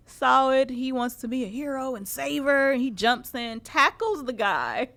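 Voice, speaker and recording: A woman's voice: high-pitched, expressive, normal speed, a bit bright. Laughing, profane woman radio co-host. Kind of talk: casual chat.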